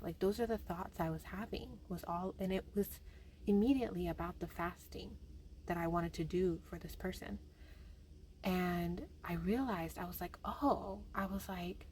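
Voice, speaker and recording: A young woman telling a personal faith story in a chatty, animated way, with many fillers. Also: fairly low pitch, measured pace, slight background noise. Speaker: vlogger.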